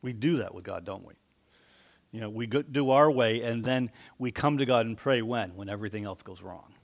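Pastor guy preaching, chatty, gets loud on key words then drops quiet. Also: fairly low pitch, normal speed, creaky. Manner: conversational preaching, rising for emphasis then dropping soft. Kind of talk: sermon.

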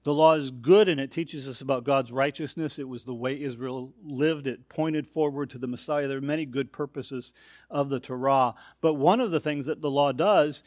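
A man delivers an expository sermon and works through the text point by point, pressing hard on the key phrases. His voice sits at an ordinary middle pitch. The sound is dry and close, with no room echo. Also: moderate pace, darkish tone. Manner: emphatic, explains verse by verse with rising stress on key points. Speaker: preacher.

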